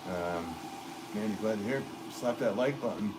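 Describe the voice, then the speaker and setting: Deep-voiced laid-back male potter streaming. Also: measured pace, heavy background noise. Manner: relaxed, rambling, chuckles often, many fillers. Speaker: potter hosting a livestream. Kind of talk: casual livestream chat, reading comments.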